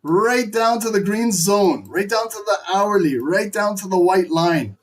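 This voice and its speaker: Brief: male live-stream trading host, fairly high voice, excitable and profane play-by-play. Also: unhurried. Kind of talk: live market commentary.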